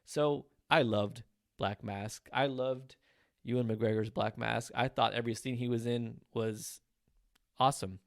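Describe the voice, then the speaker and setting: A young man hosting a solo movie review podcast, talking in an animated, blunt way and swearing freely. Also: medium pitch, unhurried, gravelly, no room sound, clean studio sound. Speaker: podcast host.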